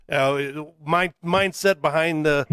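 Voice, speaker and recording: A man co-hosting a sports podcast, asking relaxed, joking questions full of fillers. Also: on the high side, takes it slowly, smooth, dry recording, studio quality. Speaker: podcast co-host. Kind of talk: casual sports talk.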